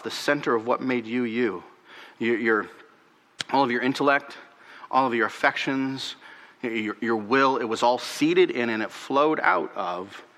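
A male pastor preaches animatedly in a large hall, repeating words and swinging from emphatic highs down to hushed, near-whispered lows.

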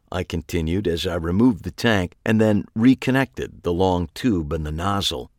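A man narrating a first-person audiobook in a wry, deadpan manner. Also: deep voice, moderate pace, few pauses, no echo, clean studio sound.

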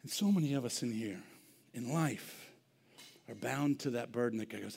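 A man preaching a sermon in a church, dropping to hushed near-whispers and then rising to loud, impassioned bursts, repeating and restarting his words. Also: medium pitch, normal speed, vocal fry, husky. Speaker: pastor. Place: church sanctuary.

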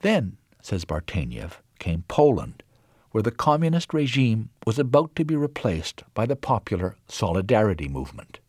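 A man reads documentary narration in a lowish voice that rises and falls expressively. The recording is dry and close, with no room sound. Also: breathy edge, dry recording. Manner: measured, expressive reading with wide pitch swings.

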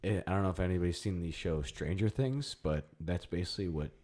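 A man's voice: sits low, quick pace, mellow. A man co-hosting a casual podcast, making dry quips. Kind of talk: casual chat.

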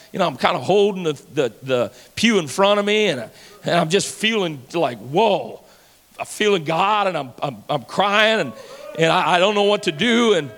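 High bright-voiced preaching pastor man. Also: in a large hall. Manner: conversational storytelling preacher, acts out dialogue, repeats words. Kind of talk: sermon.

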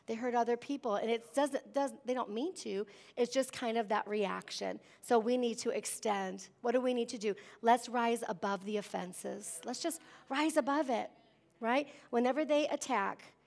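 A woman preaching a sermon, lively and emphatic, often asking the congregation "amen?". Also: fairly high pitch, gravelly. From Wisconsin. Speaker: pastor.

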